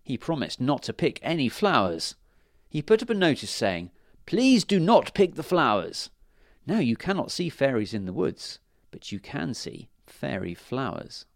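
A man reading fairy tales aloud to children in a lively, expressive way. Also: medium pitch, moderate pace, gravelly, no echo, studio quality. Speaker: storyteller.

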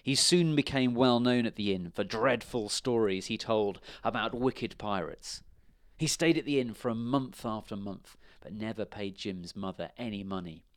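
A man reading a children's storybook aloud in a measured, expressive way. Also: on the low side, no echo.

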